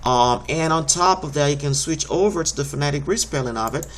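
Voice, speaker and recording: A man's voice: a little high, fairly quick, a little hiss or hum. A man teaching a recorded homeschool lesson, explaining each step patiently and encouragingly.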